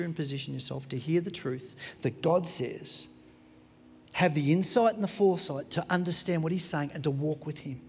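A man preaching a sermon as pastor, dramatic and moving between loud and hushed. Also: on the high side, normal speed, vocal fry, big-room sound, slight background noise.

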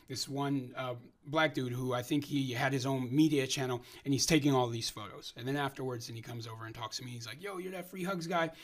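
A man's voice: medium pitch, brisk, few pauses. A man telling a story in casual conversation, acting out the lines of people he met.

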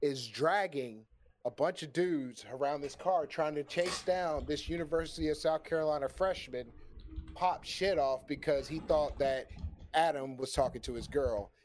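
With a voice on the high side and a moderate pace, plus a bit of hiss or hum, a man tells a long story in relaxed stream chat. He's animated and profane, laughing frequently.

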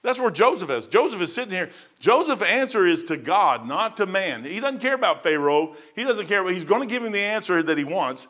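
Middle-aged male pastor, slightly high voice, folksy and conversational, teaching a sermon verse by verse. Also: big pitch swings, a little fast, hardly any pauses, fairly bright tone. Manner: folksy, conversational preaching with personal stories.

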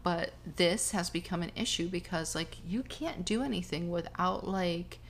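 A woman co-hosting a podcast in casual chat, making wry asides and quiet complaints. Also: lowish voice, moderate pace, a little hiss or hum. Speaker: podcast co-host.

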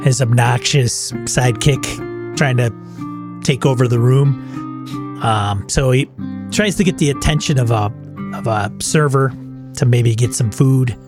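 Halting gravelly player. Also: male voice, medium pitch, music in the background. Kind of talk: tabletop role-play.

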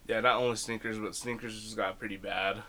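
A man's voice: fairly low pitch, fairly even intonation, a little fast, bright, forceful tone, slight background noise. A young man co-hosting a podcast, chatting casually and ranting in a loose, grumbling way. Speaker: podcast co-host. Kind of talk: casual chat.

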